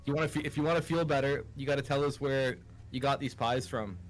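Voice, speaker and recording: A man's voice: medium pitch, fairly even intonation, fast talker, faint music behind, rough recording. A man playing a tabletop game in a blunt, jokey way. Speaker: player. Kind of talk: casual tabletop play.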